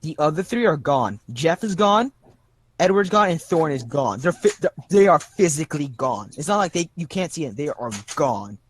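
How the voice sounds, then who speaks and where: A young man with a fairly high voice runs a tabletop game, describing scenes in a halting way, full of little restarts. He stops often to rephrase. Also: very animated, breathy edge. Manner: halting, many restarts and fillers. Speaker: game master.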